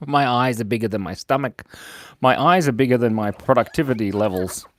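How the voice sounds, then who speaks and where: Over slight background noise, a man with a medium-pitched voice talks at normal speed while hosting a casual drawing livestream. He chats playfully, reads viewer comments aloud, and giggles often.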